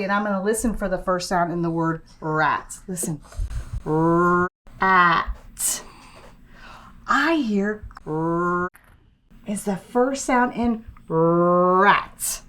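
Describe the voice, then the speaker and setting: A young woman teaching a phonics lesson to small children, stretching out sounds in a slow, encouraging voice. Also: medium pitch, big pitch swings, slight background noise. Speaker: preschool teacher.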